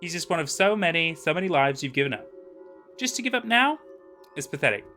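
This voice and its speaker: A man's voice: fairly high pitch, big pitch swings, a little fast, sharp tone, faint music behind. A man reading the lines of a cold, menacing female demon with claws in a narrated game, scornful and cutting.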